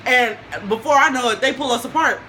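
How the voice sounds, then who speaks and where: A young woman telling a story in a casual vlog, animated and slangy, laughing often. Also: sits high, a little fast, noisy background.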